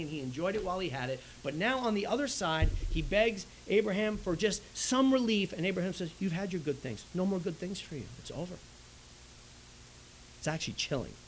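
A man preaching a sermon in an animated way, swinging between loud and soft, often checking in with "right?". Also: sits high, a little hiss or hum, poor audio. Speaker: pastor.

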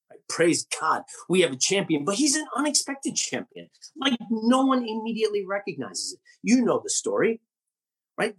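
A male pastor preaching a sermon, retelling a Bible story with animated storytelling and rhetorical questions. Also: a little high, breathy edge.

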